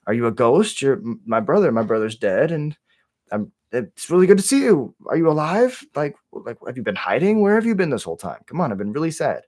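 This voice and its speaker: A man voicing an ambitious male dragon overlord in a casual lore retelling, stammering in frantic, higher-pitched bursts. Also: expressive, measured pace.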